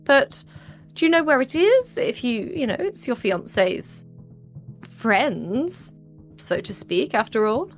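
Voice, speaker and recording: A woman's voice: high voice, very animated, takes it slowly, creaky, faint music behind. A woman playing her character in a tabletop game, chatty and theatrical. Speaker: player. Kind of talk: in-character tabletop role-play.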